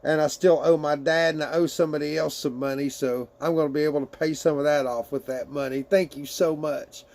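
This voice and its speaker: A man's voice: fairly high pitch, steady tone, fairly quick, few pauses, a little mellow. A man casually chatting with his livestream viewers and reading their messages aloud, laughing often and swearing freely.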